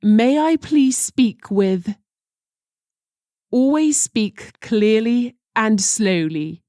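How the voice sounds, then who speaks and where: Woman teacher reading phrases super slow, mellow dark voice, dry sound. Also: on the high side, no echo. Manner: slow and deliberate, careful pronunciation. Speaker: language teacher.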